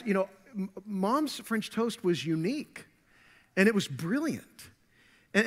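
A male pastor with a notably high voice tells a homey story from the pulpit, chatty and loose, full of little fillers and asides. His voice rings out with a long reverb trailing through the church hall. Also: a bit bright. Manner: conversational storytelling with many fillers. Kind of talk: sermon. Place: church sanctuary.

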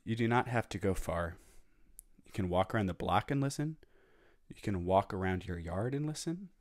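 Low-voiced guy reading a kids book out loud, makes the sounds with his mouth, dry close sound. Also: dry recording. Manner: plain storybook reading that acts out sound effects. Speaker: music teacher. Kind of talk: children's read-aloud and activity.

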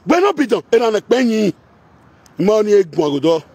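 No echo surrounds this man's high-pitched, creaky voice, which is mellow, slightly rough, and very animated as he talks fast. In a Nigerian Pidgin Edo accent, his confrontational rant mixes speech with repeated singsong chanting.

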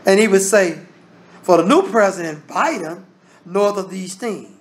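A man's voice: high-pitched, moderate pace. A man teaching a Bible study. He reads scripture aloud and explains it in plain, casual talk. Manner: casual Southern American grammar.

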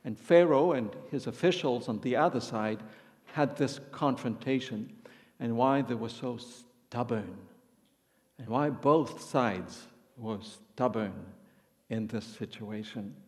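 A man's voice: medium pitch, takes it slowly, breathy edge. A man preaching a sermon, reading scripture aloud and then explaining it verse by verse. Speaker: Bible teacher preaching. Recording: long reverb of a large hall.

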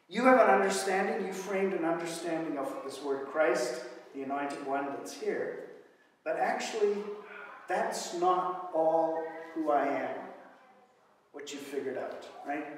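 Pastor, man, chatty animated sermon, slightly high voice, distant mic with faint room hiss. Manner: conversational, animated, with asides and fillers. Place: church hall. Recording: echoey hall from far off.

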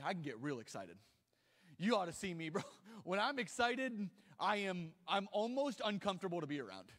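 Male pastor, high voice, animated self-mocking sermon, long hall reverb. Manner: animated, self-mocking preaching with sudden loud outbursts. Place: large church hall.

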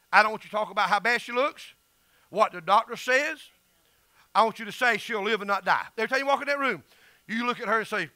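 A man's voice: high-pitched, pushed and bright, no echo. A middle-aged man with a Southern US accent, preaching an emphatic, folksy sermon as pastor.

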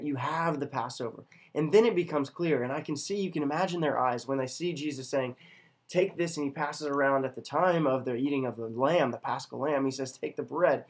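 A man giving a scripture lesson, emphatic and conversational, and he keeps tagging his points with a questioning "right?". His voice sits at an ordinary middle pitch and has a husky, slightly rough grain. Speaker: teacher. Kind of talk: catechism lecture.

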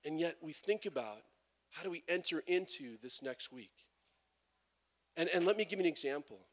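A man preaching a sermon as pastor, animated, with many restarts and acted-out quotes. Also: fairly high pitch, moderate pace.

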